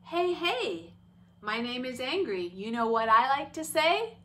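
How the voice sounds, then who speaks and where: A woman's voice: high-pitched, big pitch swings, unhurried, sharp tone, a little hiss or hum, heavily acted. A woman voicing a grumpy little puppet named Angry who grumbles and rants, in a children's lesson. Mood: grumbling. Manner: grumbling, ranting.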